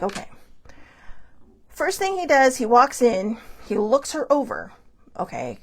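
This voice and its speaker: Woman host, animated swooping pitch, rambling casual storytelling, fillers and laughs. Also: vocal fry. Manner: rambling, chatty, frequent fillers and restarts; animated, laughs between thoughts. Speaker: show host. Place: Hawaii show.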